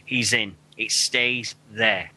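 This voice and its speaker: A man from Sheffield with a Sheffield accent, hosting a casual radio chat, excitable and swearing freely. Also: lowish voice, slow pace, a little hiss or hum. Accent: Sheffield English. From Sheffield, England. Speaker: radio show host. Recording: internet radio show.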